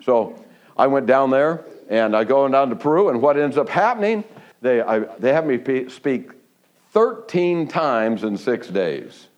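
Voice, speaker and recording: Male preacher, sermon delivery, mid-pitch voice, animated storytelling that climbs high when excited, frequent restarts. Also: unhurried, lo-fi sound. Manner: restarts and stumbles, laughs between phrases. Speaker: pastor.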